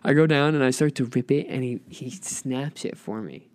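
A young man telling a story in casual chat, animated, often laughing and swearing. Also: mid-range voice, normal speed. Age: young adult. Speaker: guest.

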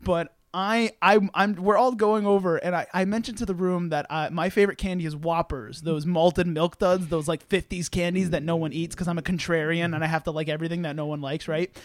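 A man's voice: a little high, a little fast, few pauses, no echo. A young man hosting a casual podcast, a little drunk, telling stories with frequent laughter and swearing. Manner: laughing, swearing, animated storytelling. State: tipsy. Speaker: podcast host.

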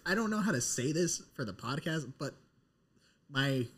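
A man's voice: fairly high pitch, expressive, moderate pace, a bit bright, slightly rough. A young man co-hosting a casual podcast, telling a funny story about himself with a laid-back manner, chuckling and trailing off. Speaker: podcast co-host.

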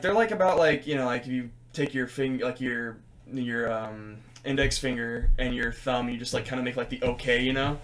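A young man hosting a casual podcast chat, telling long stories with lots of fillers. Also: a little high. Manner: rambling, filler-heavy storytelling. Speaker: podcast host.

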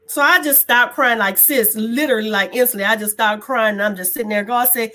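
A woman guest telling a personal story in a casual chat, colloquial and animated, acting out the dialogue and laughing as she goes. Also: a little high, fairly quick, hardly any pauses. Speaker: guest sharing a testimony.

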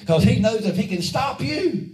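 A man's high-pitched, sing-song voice with a darkish tone carries at normal speed through a church service. He leads a fervent, rhythmic call-and-response sermon, getting his congregation to repeat after him, heard in echoey audio from afar.

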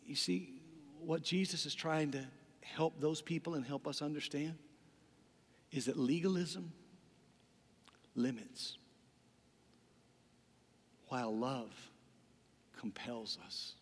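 A man's voice: on the high side, slow pace, long pauses, long reverb tail, a little hiss or hum. A man preaching a sermon as pastor, telling a story with dramatic delivery and acting out the voices in it.

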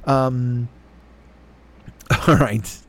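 A middle-aged man hosting a podcast, rambling through a profane, self-deprecating comedic monologue with a rough throat and a stuffy nose. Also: medium pitch, fairly even intonation, extremely slow, no room sound. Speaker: podcast host.

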